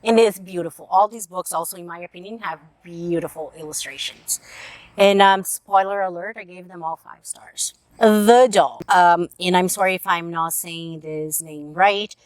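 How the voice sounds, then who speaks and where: A woman's voice: lowish voice, moderate pace, no echo. A woman casually reviewing picture books to camera, earnest and openly emotional as she talks. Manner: earnest, emotional, tearful at moments. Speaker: book reviewer. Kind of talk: casual book review vlog.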